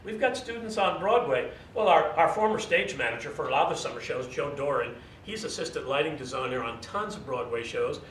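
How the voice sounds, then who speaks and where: A man's voice: animated, a little fast, hardly any pauses, a bit bright. A man who directs theater, giving an encouraging but demanding welcome address to young performers. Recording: roomy, distant mic, faint rumble.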